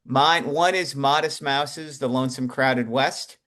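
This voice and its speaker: Relaxed male podcast co-host, mid-pitched. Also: measured pace. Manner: relaxed, rambling tangents. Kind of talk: casual music chat.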